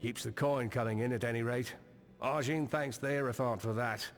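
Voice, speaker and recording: Gruff male camp trader in a fantasy game, voiced by a man, curt and grumbling, mid-pitched. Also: fairly even intonation, moderate pace, natural voice.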